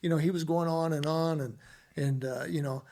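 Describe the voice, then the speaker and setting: A man, a former ballplayer, telling stories as a podcast guest in an animated, rambling way full of "you know"s. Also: a little high, normal speed. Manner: animated, filler-heavy storytelling with many "you know"s. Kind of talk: casual storytelling interview.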